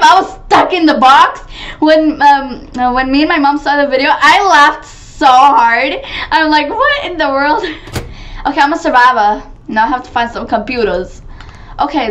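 Female gaming host, live commentary; high, very animated voice, slow delivery, prone to excited shrieks. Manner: excitable, gasping and shrieking at scares; chatty, talks to viewers as "guys". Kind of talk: playing a video game with live commentary.

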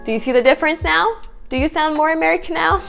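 Woman, Russian native, casual pronunciation lesson, says example words one at a time, fairly high voice. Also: fast, gravelly, a bit bright, faint music behind. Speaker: language tutor.

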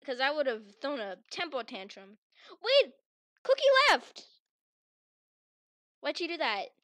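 A woman giving playful, theatrical game commentary with friends, teasing them and swinging into mock-furious shouting. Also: high-pitched, expressive, brisk, no echo. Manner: teasing, giggly. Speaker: gaming channel host.

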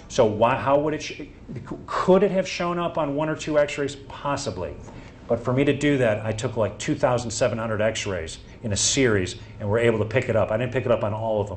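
A man's voice: on the low side, slight background noise. Man giving an anecdotal medical talk. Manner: anecdotal, acts out quoted exchanges. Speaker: doctor presenting to an audience. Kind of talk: live medical presentation.

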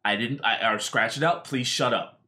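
A man hosting a podcast, telling stories in an animated, casual way with lots of swearing. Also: mid-range voice, normal speed. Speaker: podcast host. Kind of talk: casual storytelling.

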